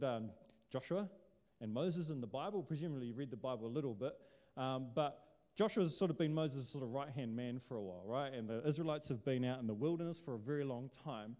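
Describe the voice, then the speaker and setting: A man's voice: mid-range voice, expressive, fast, mellow. A man preaching a casual sermon, chatty and joking, firing off rhetorical questions. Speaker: pastor. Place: church hall. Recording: long hall reverb.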